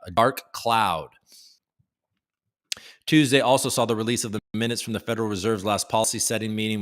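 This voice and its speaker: A man with a fairly low voice hosts a livestream. He reads news headlines aloud in a loose, casual way, breaking off for joking asides. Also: a bit bright. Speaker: host.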